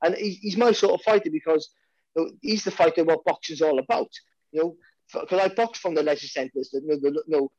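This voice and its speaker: Chatting on a podcast, the Welsh boxing commentator rambles, often restarting and repeating himself. His slightly high, somewhat mellow voice moves fast, in a dry recording with dull audio.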